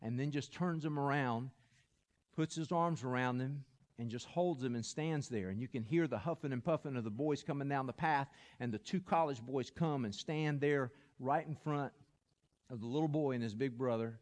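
A man preaching a sermon, telling a story with animated, building energy. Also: mid-range voice, normal speed, in a large hall. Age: adult. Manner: animated, builds to loud excited peaks when telling a story. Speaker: pastor.

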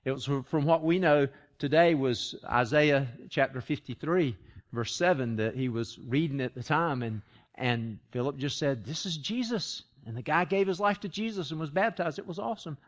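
A man's voice: fairly high pitch, normal speed. A man preaching a sermon in a conversational storytelling way, stumbling and restarting, then building to emphatic repetition. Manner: frequent restarts and stammers. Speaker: pastor.

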